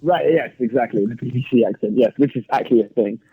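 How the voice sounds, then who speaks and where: A man in his thirties with an English accent, a guest actor chatting casually in an interview, speaking crisply and laughing often. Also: medium pitch, fast talker, no echo, narrow, tinny audio. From England. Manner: over-articulates, chatty with frequent laughs.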